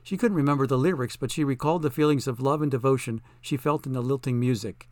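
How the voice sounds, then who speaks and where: A man narrating an audiobook in a measured, plain reading style. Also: mid-range voice, a little mellow, dry recording. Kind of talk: scripted narration.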